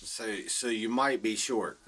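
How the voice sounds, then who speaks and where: A man's voice: on the low side, measured pace. A young man on a podcast, joking around loosely and swearing. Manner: joking, profane, animated. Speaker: podcast co-host. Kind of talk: casual podcast chat.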